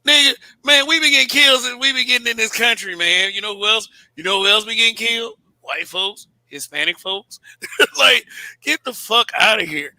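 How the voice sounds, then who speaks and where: Bright-voiced blunt man hosting talk show. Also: high-pitched, animated, normal speed, no room sound, low-quality recording. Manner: profane, blunt, laughs often, stammers repeats. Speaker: show host. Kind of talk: casual political call-in talk.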